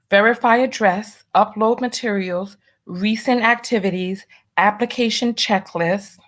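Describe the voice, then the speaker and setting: Nervous woman stalling on a livestream. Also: medium pitch. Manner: nervous, stalling, repeats herself; reads viewer comments and donations aloud. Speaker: livestream host. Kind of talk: casual livestream chat.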